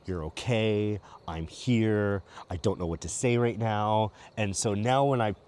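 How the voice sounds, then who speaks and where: A man, a podcast guest, telling candid personal stories while walking outdoors at night by a lake, animated and acting out what others said. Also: lowish voice, a little slow, smooth. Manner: open, animated storyteller who acts out quotes.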